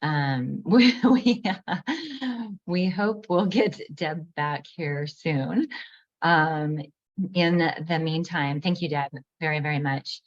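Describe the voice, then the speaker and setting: A woman with a low voice hosts an online group session, with many ums and small laughs. The audio is a little dull, as from a video call. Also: takes it slowly. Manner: warm thanks, frequent ums and light laughs. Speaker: host.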